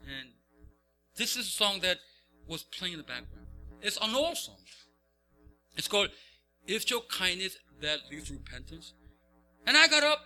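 A male pastor telling a story in a sermon, acting out the characters' voices. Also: high voice. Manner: animated, acts out voices.

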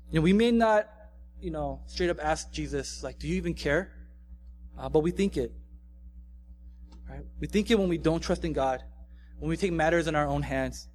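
A man's voice: fairly high pitch, a little mellow, slight background noise. Casual young man preaching a sermon. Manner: casual, conversational, frequent "right?" tags. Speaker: pastor.

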